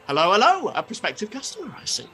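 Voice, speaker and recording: A man's voice: high-pitched, huge pitch swings, fast, sharp tone, slightly rough, pitched above the performer's own voice, exaggerated voice. A man putting on a brash showman joke-shop wizard. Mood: cheery. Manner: brash sales patter, playful.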